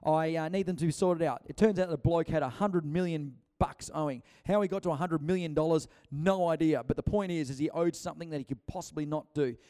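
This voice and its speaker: In a mellow, fairly high voice, a man rushes through a conversational sermon with hardly any pauses. He's chatty, acts out the quotes, and keeps restarting his sentences.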